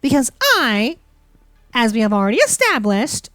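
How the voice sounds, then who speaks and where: Playful high-voiced woman gamer. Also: huge pitch swings, normal speed, fairly bright tone, no echo, studio quality. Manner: playful, theatrical, teasing. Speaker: gaming streamer. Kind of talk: let's play commentary.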